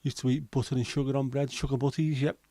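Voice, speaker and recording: A middle-aged man, hosting a relaxed livestream and chatting with viewers in a jokey, rambling way. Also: medium pitch, fast talker, dry recording. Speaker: livestream host. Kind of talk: casual chat reading viewer comments.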